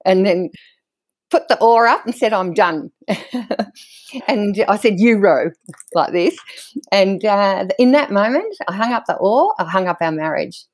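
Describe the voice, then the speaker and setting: A middle-aged woman, a guest telling stories from her own life in a candid, animated way and laughing often as she talks. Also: medium pitch, measured pace, no room sound. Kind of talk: candid conversational storytelling.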